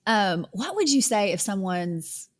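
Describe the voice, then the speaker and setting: A woman's voice: medium pitch, very animated, a little slow. A woman hosting a podcast, speaking thoughtfully and a bit hesitantly in a casual conversation. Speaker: podcast host.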